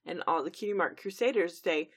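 Chatty woman from Dallas, low voice. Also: a little fast, breathy edge. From Dallas, Texas. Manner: chatty, animated retelling. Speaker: podcast co-host. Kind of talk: casual recap chat.

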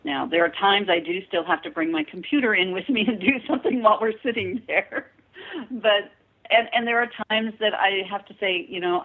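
Gravelly woman guest on a tinny phone line. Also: medium pitch, moderate pace. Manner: warm, chatty storyteller, laughs often. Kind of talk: casual interview chat.

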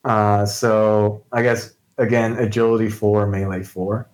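A man's voice: lowish voice, level tone, unhurried, poor audio. A man playing in a tabletop game, talking through his character's moves hesitantly, with many likes and restarts. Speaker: player.

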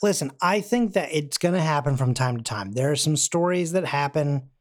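A man's voice: fairly high pitch, normal speed. Chatty man acting out quotes. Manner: animated, acts out quotes in put-on voices. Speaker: podcast co-host. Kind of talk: casual chat.

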